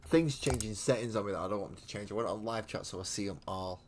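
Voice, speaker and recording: A very low-pitched English man rambles to his live-stream viewers while painting miniatures at home. He is blunt and mocking, and he swears in nearly every sentence. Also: fast. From England. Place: home hobby room.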